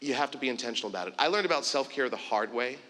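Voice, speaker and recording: A man giving a keynote speech, telling a story in an animated way and acting out the dialogue. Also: mid-range voice, racing, slight background noise. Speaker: keynote speaker. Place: conference stage in a large hall. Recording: long hall reverb.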